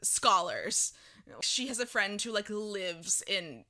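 Bright-voiced chatty woman. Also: medium pitch, slow pace. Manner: chatty, laughing, animated. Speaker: podcast co-host. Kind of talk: casual chat about a reality show.

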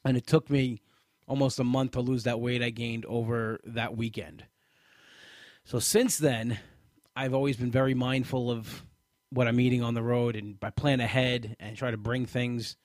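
A man's voice: medium pitch, little pitch movement, moderate pace, a little mellow, dry recording. Frustrated man rambling, dry room. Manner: frustrated, rambling, many restarts. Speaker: comedian sharing a weight-loss update. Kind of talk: casual monologue.

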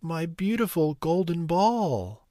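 A tearful, pleading young princess from a storybook, put on by a male narrator. The voice lifts higher than his own and drops softer, with a sobbing edge. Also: very animated, takes it slowly, dry recording, studio quality. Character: weepy spoiled young princess.

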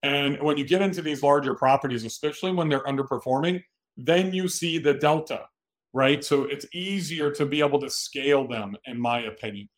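A man's voice: medium pitch, brisk. A man hosting a solo podcast, giving direct, coaching advice in a plain-spoken way. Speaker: podcast host.

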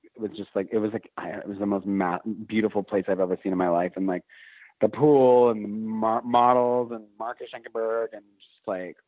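A man in his forties, a guest in a casual chat, tells a long, rambling story packed with restarts, fillers and "like." His lowish voice is level in tone and fairly quick, and the dry recording has a tinny phone-line sound.

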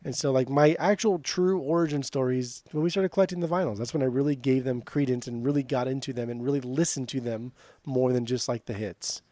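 Rambling young man, mellow dry voice. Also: medium pitch, a little fast, no echo. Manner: rambling, hesitant, teasing. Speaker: podcast co-host. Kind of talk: casual chat.

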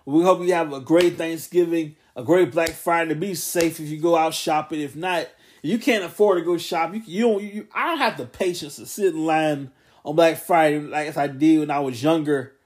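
A man's voice: fairly high pitch, normal speed. A man in his late twenties hosting a casual solo wrestling podcast, rambling loosely and correcting himself as he goes. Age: 20s. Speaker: podcast host.

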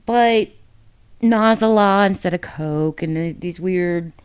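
Her voice is lowish, clear and resonant, and she talks slowly. Co-hosting a podcast, she gets emotional and candid about books in a casual chat, swearing a lot and rambling with fillers.

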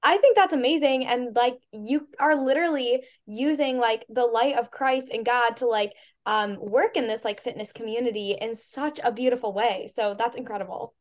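A young woman hosting a casual podcast conversation. She is effusive and warm, with a fairly high voice. Her sentences are loose and full of "like" and "um". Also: steady tone, moderate pace. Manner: effusive and warm, many fillers like "like" and "um". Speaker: podcast host.

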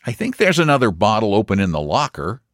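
A man voicing a confident young man who speaks slowly and with emphasis. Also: on the low side, huge pitch swings, no room sound, studio quality. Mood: assured. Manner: slow, assured, emphatic. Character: confident young man hosting, drawling, sure of himself.

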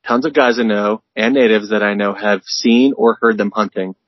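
A man's voice: on the low side, steady tone, moderate pace, no echo, dull audio. A man co-hosting a casual podcast, reading out a story in a laid-back way and swearing freely. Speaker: podcast co-host.

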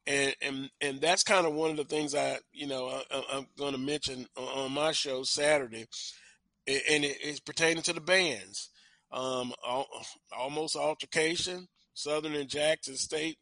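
Give me a male host with a bright voice, halting and restarting a lot. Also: fairly high pitch, fairly even intonation, no echo. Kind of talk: casual chat.

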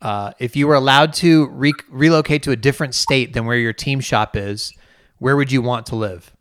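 A man hosts a casual interview, asking questions and reacting in a relaxed, encouraging way. His pitch is mid-range, and the recording is dry with no room sound. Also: normal speed, clear, resonant tone, no echo.

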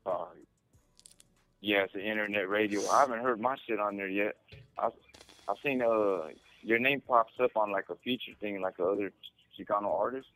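Calling in from prison over a phone line, a man chats casually in a laid-back, slang-heavy way packed with swearing. His voice sits on the low side, a bit bright, at a normal pace.

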